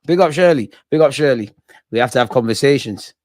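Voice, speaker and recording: A young man hosting a live football watch-along, excitable and slangy, shouting out his viewers. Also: medium pitch, brisk, no room sound, clean studio sound. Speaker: fan channel host.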